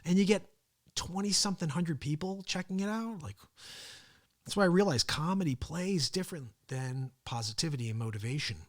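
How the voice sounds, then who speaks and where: A man's voice: fairly high pitch, fairly quick. Chatty man hosting a live stream. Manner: rambling, chatty, chuckles often. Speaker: host of a daily live talk show. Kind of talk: casual live-stream chat.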